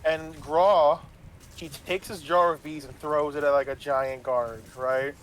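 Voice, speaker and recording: A man's voice: fairly high pitch, fairly even intonation, unhurried, fairly bright tone. A man who runs tabletop games, casually retelling a session in a rambling way, swearing and asking "right?" as he goes. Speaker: game master. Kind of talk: casual storytelling about a tabletop game.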